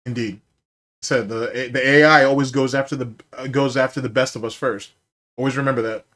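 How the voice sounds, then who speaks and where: A man's voice: medium pitch, fairly even intonation, fairly quick, fairly bright tone. Laid-back, foul-mouthed male podcast host. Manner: profane, loose and chatty, bursts into laughter. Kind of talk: casual chat.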